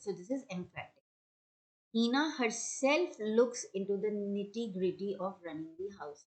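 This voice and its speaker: A woman's voice: mid-range voice, a little mellow, poor audio. A woman teacher patiently explaining grammar to children, giving one example sentence after another.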